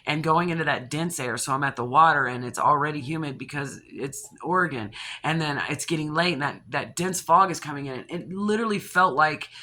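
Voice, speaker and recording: A woman talks straight to the camera and spins a personal story in a loose, rambling way. Her voice is bright and sharp, and it stays lively as she restarts sentences and catches her breath between thoughts. It sounds like a casual video diary. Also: low-pitched. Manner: animated and rambling, with restarts, gasps and laughs. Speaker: channel host.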